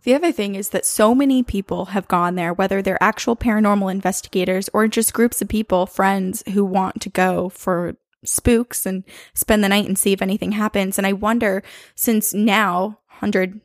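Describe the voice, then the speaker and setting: Gravelly young woman telling ghost stories. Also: mid-range voice, no echo, studio quality. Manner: animated, quick storyteller. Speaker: podcast co-host. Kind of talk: casual chat, storytelling.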